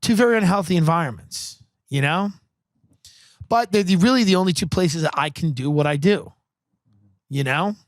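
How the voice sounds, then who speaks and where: A man from Long Island hosting a podcast, delivering a comedic monologue with sardonic, deadpan exaggeration into a close studio microphone. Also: on the high side, normal speed, long pauses, no room sound. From Long Island, New York. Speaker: podcast host.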